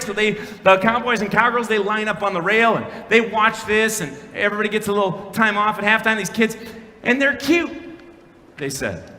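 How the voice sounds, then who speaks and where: A man from Minnesota giving a keynote speech at a conference, telling a story dramatically, with shouted punchlines and hushed quiet lines. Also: high voice, normal speed. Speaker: keynote speaker. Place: large conference hall. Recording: long hall reverb, faint room noise.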